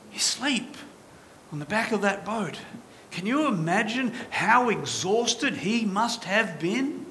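A man's voice: high voice, pushed and bright, slight background noise. A man preaching a sermon as pastor, passionate and full of rhetorical questions to his congregation.

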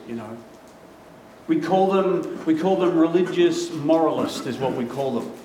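A faint hiss sits beneath this distant-mic recording of a man pastoring in a spacious, echoing hall. His voice is high for a man and a little mellow. He preaches emphatically, often slowing and repeating phrases for impact.

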